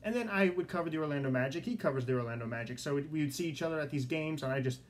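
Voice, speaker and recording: Young male podcast host, slightly high voice, eager and repetitive, studio with faint background noise. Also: rapid-fire. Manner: excited, repeats himself. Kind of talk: solo podcast monologue.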